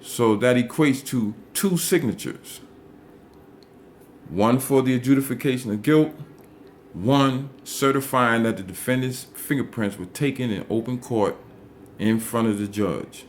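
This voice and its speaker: Man, mid-pitched, lecturing on legal rules in a measured, emphatic read, with faint hiss behind him. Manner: deliberate, emphatic, repeats key words. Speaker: legal explainer. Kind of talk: instructional talk reading statutes aloud.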